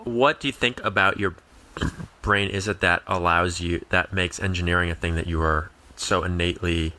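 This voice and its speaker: A man's voice: low-pitched, fairly even intonation, normal speed, pushed and bright. A man hosting a casual podcast, asking rambling questions and agreeing briefly. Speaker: podcast host.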